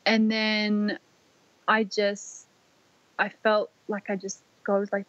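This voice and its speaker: Young aussie woman chatting about her story, soft and rambly with loads of "like", flat dry slightly muffled audio. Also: mid-range voice, takes it slowly, pauses often, dry recording. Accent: Australian. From Australia. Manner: soft, rambling, many "like" fillers. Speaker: guest. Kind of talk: personal storytelling interview.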